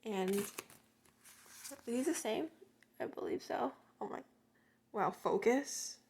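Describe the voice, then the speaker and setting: A woman with a high voice narrates an unboxing in a loose, casual way. She is gushing and excitable, prone to gasps and squeals. Now and then she drops to a hushed whisper. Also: takes it slowly, gravelly, slight background noise. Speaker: unboxing vlogger.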